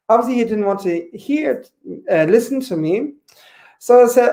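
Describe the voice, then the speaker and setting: A man's voice: sits high, expressive, moderate pace, dark tone. A man in his forties doing a campy, chatty stand-up comedy set online, peppering his talk with "you know". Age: 40s. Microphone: home webcam mic.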